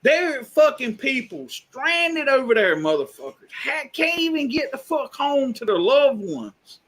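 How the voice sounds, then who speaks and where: A man's voice: extremely high pitch, very animated, measured pace, a bit bright. A man on a live stream delivering an angry, profane, exasperated rant.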